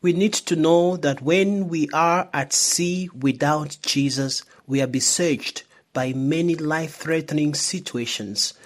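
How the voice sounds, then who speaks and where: Man giving a measured Sunday homily. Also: on the high side. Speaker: priest.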